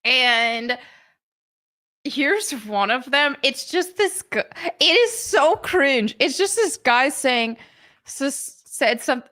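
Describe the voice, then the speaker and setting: A woman's voice: high voice, animated, slow, bright, forceful tone. A woman hosting a live stream in a casual chat, giggling often and mocking what she reads.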